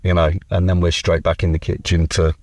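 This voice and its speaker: Low-voiced man chatting at a distance. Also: fairly quick, no room sound. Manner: chatty, relaxed, frequent ums. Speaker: club kitchen staff being interviewed. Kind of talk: casual interview chat.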